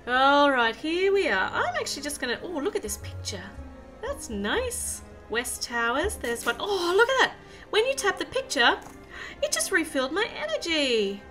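A woman's voice: high voice, very animated, normal speed, sharp tone, faint music behind. A woman hosting a game channel, chatting and explaining as she plays and reads lines aloud. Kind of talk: let's-play game commentary.

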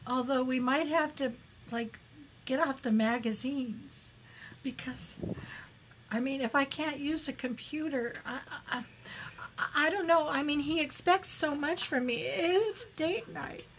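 A woman's voice: high-pitched, a little slow, slight background noise, rough recording. A woman playing a naive, fretful sister wife in a prank call, stammering and rambling. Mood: earnest. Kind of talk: prank call role-play.

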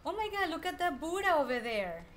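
High-voiced excitable woman gamer. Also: fairly quick, slight background noise. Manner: excitable, talks to enemies, repeats herself when frustrated. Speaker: gameplay streamer. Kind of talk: live gameplay commentary. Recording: faint game music behind.

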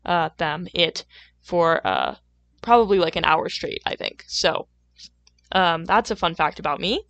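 A young woman rambling casually while she plays a game, full of fillers, self-deprecating asides and sudden loud, playful outbursts. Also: fairly low pitch, a little slow, dry recording. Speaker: gaming video creator.

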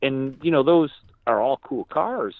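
A man, a podcast guest, chatting casually and telling lively stories in which he acts out what other people said. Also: medium pitch, a little slow, dry recording. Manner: animated storyteller who acts out other people's lines. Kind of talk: casual storytelling chat. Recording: tinny phone-like line, dry.

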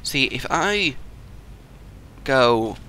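A young man giving excitable, jokey let's play commentary as he plays through puzzle maps, yelping and shouting when he fails. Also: medium pitch, drawn-out words, a little hiss or hum. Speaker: gaming YouTuber.

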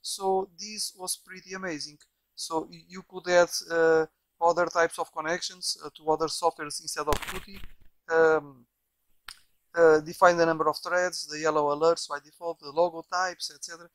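Rambling man, slightly high voice. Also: little pitch movement, normal speed, dry recording. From Portugal. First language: Portuguese. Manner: rambling, with many repeated words and restarts. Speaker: software developer. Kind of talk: casual software walkthrough. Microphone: bad microphone.

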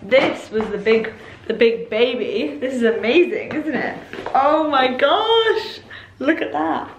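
A young woman vlogging from her bedroom, gushing over each parcel she opens. Her voice sits fairly high, and faint clicks sound now and then behind her. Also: measured pace, roomy sound, lo-fi sound, noisy background. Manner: gushing, excitable, lots of exclamations. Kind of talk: casual vlog chat while unboxing. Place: bedroom at home.

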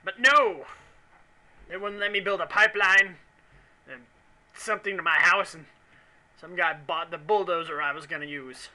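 A man's voice: high-pitched, fairly even intonation, normal speed, background noise. A man commenting on a video game he is playing, in rambling, mock-angry, jokey rants. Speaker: let's play commentator.

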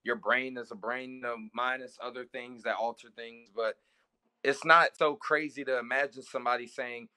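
A man's voice: mid-range voice, steady tone, moderate pace, bright, forceful tone, clean tone, no room sound. A man hosting a podcast, chatting in a laid-back way and reacting with short interjections. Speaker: podcast host. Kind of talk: casual chat.

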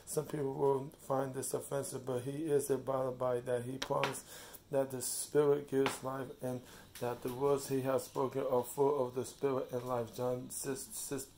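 Man, home vlog, gravelly, flat-toned, unhurried halting reads, a little noise in the room. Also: medium pitch. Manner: slow, halting reading with restarts; fond, soft talk to his cat. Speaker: vlogger reading a devotional. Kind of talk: casual home vlog with devotional reading.

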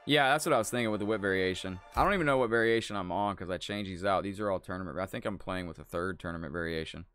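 A man gives live commentary on a fighting game, relaxed and chatty, thanking viewers and sharing stories between rounds. His voice is low-pitched yet fairly bright and smooth, and he talks at a racing pace over soft background music.

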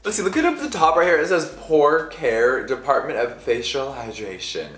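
A man's voice: medium pitch, expressive, moderate pace, fairly bright tone, echoey room, faint music behind. A man vlogging casually to camera as a beauty creator, sassy and giggly, swearing casually as he chats from a hotel room.

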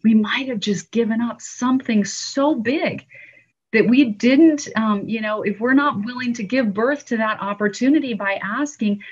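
A woman's voice: on the high side, breathy edge. Woman telling stories over dull audio. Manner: animated storyteller who acts out quotes. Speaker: guest author. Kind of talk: storytelling in interview.

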